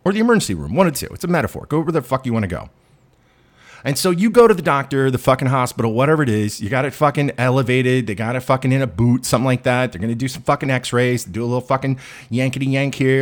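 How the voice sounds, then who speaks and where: A man's voice: mid-range voice, fast talker. A man hosting a podcast, delivering a profane, self-deprecating rant. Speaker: podcast host.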